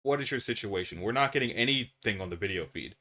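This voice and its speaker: A level-headed middle-aged researcher, as a man voices him, speaking in a low, steady, procedural tone. He keeps his voice even and clinical while he gives instructions. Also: full character voice. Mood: calm. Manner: measured, procedural, low-key.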